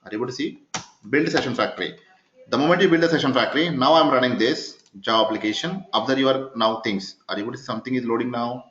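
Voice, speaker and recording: Quizzing his class again and again with "yes or no?", this man teaches a live coding lecture as a programming instructor. He's a fast talker with a mid-range, slightly bright voice. The classroom recording sounds echoey and dull.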